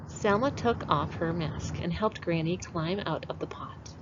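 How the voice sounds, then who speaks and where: A kindergarten teacher, a woman, reading a picture book aloud to children and walking them through it in an expressive way. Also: lowish voice, a little slow. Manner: expressive, animated read-aloud. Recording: dull lo-fi with faint hiss.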